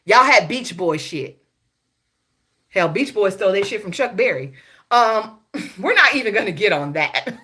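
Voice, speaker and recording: A woman's voice: mid-range voice, animated, measured pace, long pauses, pushed and bright. A woman from Houston with a Southern accent, hosting a casual, profane gossip monologue, full of laughing asides and "y'all" to the viewers. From Houston, Texas. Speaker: gossip show host.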